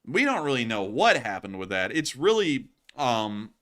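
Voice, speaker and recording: A man's voice: medium pitch, normal speed. A man hosting a livestream, chatting casually and jokingly as he reads out viewer donations. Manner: animated and jokey, lots of fillers. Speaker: livestream host.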